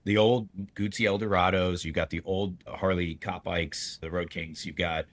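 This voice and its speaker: Laid-back, low-voiced man telling stories. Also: moderate pace. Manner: animated storyteller, laughs often, slangy. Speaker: podcast co-host. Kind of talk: casual chat.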